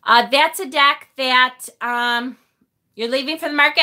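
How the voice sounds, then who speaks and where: A woman with a high, bright voice chats casually through a tarot livestream. She is self-deprecating, laughs easily and lets a swear word slip now and then. Her tone is loose and friendly, as if talking straight to viewers. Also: a little slow. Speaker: tarot reader hosting a livestream. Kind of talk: casual livestream chat, reading viewer comments.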